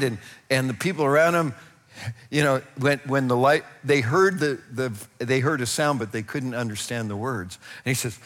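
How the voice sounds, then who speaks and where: A man preaching a sermon, telling the story with lively acted-out voices and frequent laughs. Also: a little high, big-room sound. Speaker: pastor.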